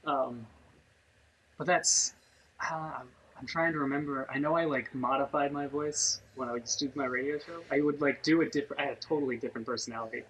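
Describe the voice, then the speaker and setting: A man's voice: mid-range voice, fairly even intonation, fairly quick, a bit bright. A man co-hosting a podcast in casual chat, rambling along with lots of fillers. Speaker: podcast co-host. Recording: muffled lo-fi audio with faint noise.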